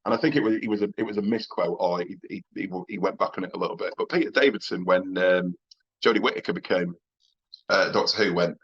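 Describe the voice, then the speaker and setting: A Northern English man with a low, husky voice spins anecdotes as a podcast guest. He swears bluntly, laughs between points and stumbles into restarts. The recording sounds dull and lo-fi. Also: fast talker, a bit bright. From England. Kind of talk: casual interview storytelling.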